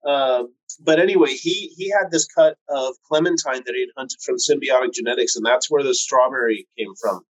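A man's voice: medium pitch, normal speed, hardly any pauses, poor audio. A man in casual chat who tells long stories, swearing freely and filling gaps with "um" and "like." When he quotes other people, he acts out their voices. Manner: profane, laid-back, lots of fillers. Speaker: cannabis breeder guest.

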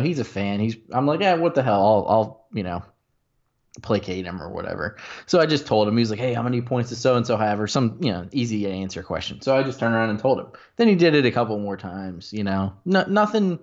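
A man's voice: on the low side, darkish tone, dull audio. Rambling male podcast storyteller. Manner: rambling, heavy with filler words. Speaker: podcast co-host and sports reporter. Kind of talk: casual storytelling.

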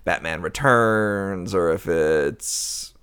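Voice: low-pitched, drawn-out words, fairly bright tone, smooth. A co-host in casual chat, tossing in jokes and half-remembered details about a film. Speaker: podcast co-host discussing a film.

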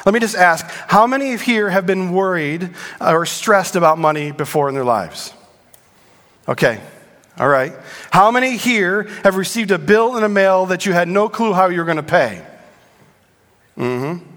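High-voiced pastor preaching in a hall. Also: male voice, normal speed. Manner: animated, joking with the congregation. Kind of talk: sermon. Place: church sanctuary. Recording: long reverb in a large hall.

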